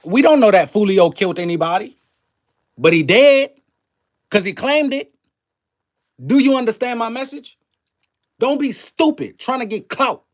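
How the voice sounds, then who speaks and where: A man with a high-pitched voice rants to a live chat, preachy and emphatic, full of slang and swearing. He keeps firing rhetorical questions at his viewers. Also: animated, moderate pace, pauses often. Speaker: livestream commentary host. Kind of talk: casual ranting commentary to a live chat.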